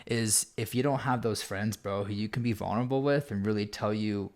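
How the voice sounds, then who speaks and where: A man's voice: fairly low pitch, brisk. A man in his twenties from Arizona, hosting a podcast in casual chat, laid-back and leaning on filler words. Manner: laid-back, heavy on "like" and "bro". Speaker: podcast host.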